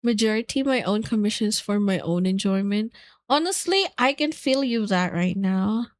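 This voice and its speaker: A woman's voice: mid-range voice, moderate pace, dry recording, clean studio sound. A young woman streaming, chatting casually with friends, giggling and squealing as she gushes. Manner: giggly, squealing, gushing with excitement.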